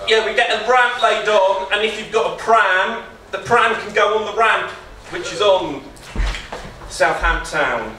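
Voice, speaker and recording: Rambling high-voiced man at an echoey live gig. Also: a little slow. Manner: rambling, self-interrupting, giggling. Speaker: contestant poet. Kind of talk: deliberately bad comic poetry performance. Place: live small venue stage. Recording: echoey room, distant mic, crowd noise.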